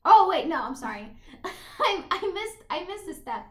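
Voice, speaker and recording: A woman co-hosting a casual podcast, recapping a movie in a sweary, animated way while she plays a video game. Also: very high voice, reverberant. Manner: sweary, animated retelling with quick asides. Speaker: podcast co-host.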